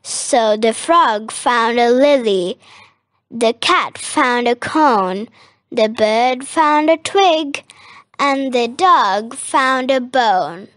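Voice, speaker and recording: A woman reading a rhyming children's picture book aloud in a measured, sing-song way. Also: a little high, animated, fairly bright tone, no echo. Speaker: storybook reader.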